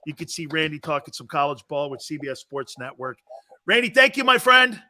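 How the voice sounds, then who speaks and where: A man hosting a sports talk show, with a high, bright voice that swings all over its range. He is brash and laughs often, swearing casually as he chats and plugs upcoming segments. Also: big pitch swings, a little fast.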